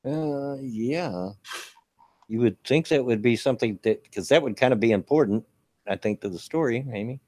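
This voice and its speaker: A man in his fifties co-hosting a casual chat, talking loudly and laughing often. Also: medium pitch, normal speed. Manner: loud, big-mouthed, laughs often. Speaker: podcast co-host.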